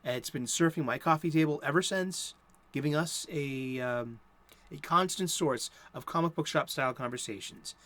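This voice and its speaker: A man's voice: on the high side, normal speed, bright, forceful tone. A middle-aged American man hosting a casual chat, rambling with many fillers and restarts. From United States. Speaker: host.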